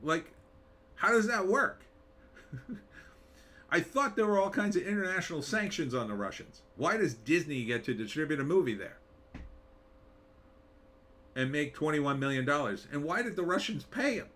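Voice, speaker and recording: A man's voice: a little high, very animated, moderate pace, long pauses, fairly bright tone. A man hosting a live commentary show, talking in a sarcastic, rambling way with wry asides. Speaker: show host.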